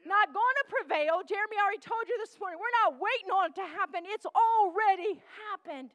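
A woman preaching a sermon, calling out to the congregation and swinging from shouts to hushed tones. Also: extremely high pitch, a little fast, no echo.

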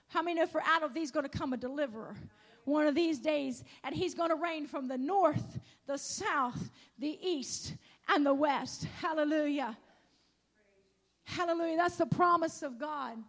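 A woman preaching a sermon in a very high, piercing voice. She swings between shouted declarations and quiet, hushed readings of scripture, full of fervor. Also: moderate pace. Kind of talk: Pentecostal-style sermon.

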